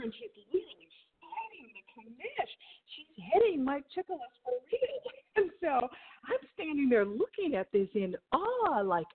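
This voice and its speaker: Husky-voiced woman telling lively stories. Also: a little high, normal speed. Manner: lively anecdote-telling with laughs and acted-out quotes. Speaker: guest, former TV reporter. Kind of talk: animated storytelling in an interview. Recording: phone-like narrow sound.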